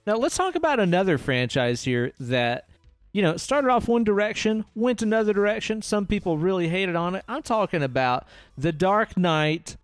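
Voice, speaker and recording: A man's voice: high voice, expressive, normal speed, no echo, faint music behind. Laid-back male podcast co-host. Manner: laid-back, swears often, ends lines with "man". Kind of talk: casual film-review chat.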